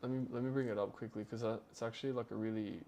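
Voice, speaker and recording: A man's voice: medium pitch, steady tone, very fast, mellow, slight background noise. A man hosting a podcast, retelling a story in a loose, rambling way with lots of fillers. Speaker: podcast host.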